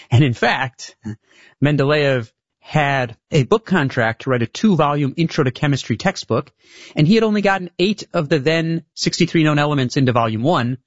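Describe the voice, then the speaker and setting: A man talking as a guest author in an interview, explaining things carefully and sometimes restarting his sentences. His voice sounds slightly muffled and dull. The room sounds dry, with no echo. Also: medium pitch. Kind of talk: interview conversation.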